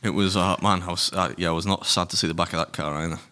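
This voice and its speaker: In a deep, steady voice with a sharp tone, this middle-aged podcast co-host talks fast. He tells rambling stories in casual conversation, with lots of swearing and laughs.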